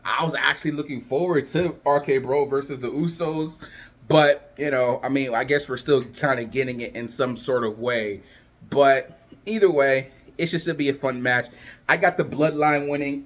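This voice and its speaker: A man's voice: medium pitch, moderate pace. A man vlogging his predictions in a loose, chatty way, full of fillers and restarts, his voice cracking a little. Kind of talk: casual chat to camera.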